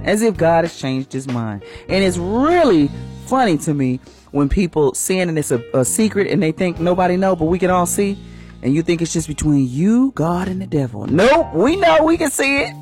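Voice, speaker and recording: Female morning radio host, sermon-style inspirational talk, emphatic and preachy, very expressive pitch. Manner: preachy, emphatic, acts out quoted voices.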